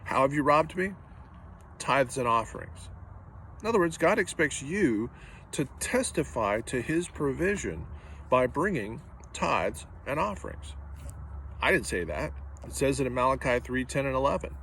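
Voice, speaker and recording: A man's voice: medium pitch, big pitch swings, normal speed, fairly bright tone, a little hiss or hum. A man preaching a sermon as pastor, earnest and direct, driving points home with repetition.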